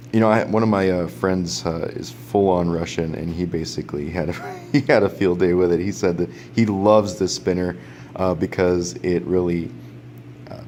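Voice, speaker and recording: A man's voice: low voice, a little mellow, a little hiss or hum. A man casually reviewing a gadget in a vlog, rambling with lots of fillers and restarts and frequent chuckles. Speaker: product reviewer.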